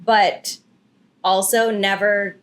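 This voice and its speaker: A woman co-hosting a photography podcast in casual chat, talkative and quick to laugh. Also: medium pitch, little pitch movement. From United States. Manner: chatty, giggly, lots of "like" fillers.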